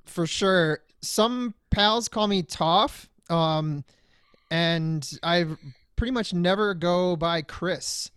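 A man guesting on a podcast over a remote call, easygoing and a bit halting, often laughing. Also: high voice, fairly bright tone, smooth, no echo, studio quality. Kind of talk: casual podcast chat. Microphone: remote call from a cabin.

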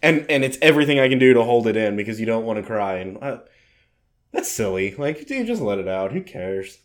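A young man trading jokes in a relaxed podcast conversation. His pitch swings widely as he talks. He swears casually and keeps things playful. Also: brisk. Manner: joking, animated, swears casually. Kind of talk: casual chat.

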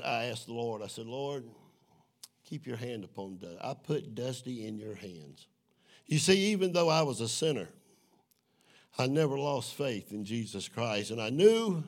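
A middle-aged man, preaching his testimony in a sermon, moving from hushed storytelling to shouting. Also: medium pitch. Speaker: evangelist.

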